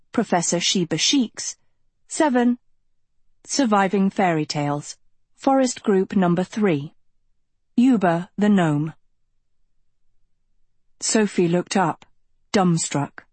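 Female audiobook narrator, unhurried expressive delivery, dry close sound. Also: medium pitch, husky, dry recording. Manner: measured, expressive storytelling. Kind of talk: scripted narration.

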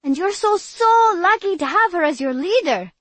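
A woman's voice: very high-pitched, expressive, normal speed, a bit bright, no room sound, pitched above the performer's own voice. A woman voicing a gushing, overexcited boy. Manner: breathless, effusive, sing-song.

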